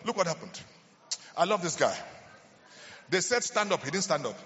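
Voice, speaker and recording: A man's voice: fairly high pitch, very animated, normal speed. A man preaching a healing sermon in a large church, fervent and calling out to the congregation. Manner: fervent, shouting call-and-response. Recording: lo-fi church hall recording with reverb.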